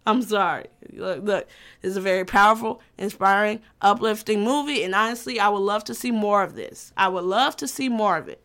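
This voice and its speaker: A woman's voice: mid-range voice, brisk, a bit bright. A woman in her twenties talking casually as a vlogger, loose and profane, often restarting her sentences. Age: 20s. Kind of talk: casual chat.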